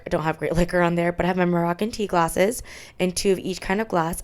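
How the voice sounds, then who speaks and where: A woman's voice: fairly low pitch, darkish tone. A young adult woman narrating a tour of her small apartment, chatty and candid as she lists her things. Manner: chatty, candid, listing items. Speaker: vlogger.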